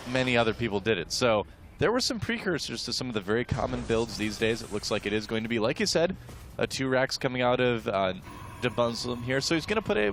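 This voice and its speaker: A male caster talks through a strategy game match, chatty and analytical, with the occasional "uh". His voice sits at a middle pitch, and faint music plays underneath. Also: fairly bright tone. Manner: chatty, lays out past matches and strategy with fillers. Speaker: esports caster. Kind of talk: play-by-play commentary.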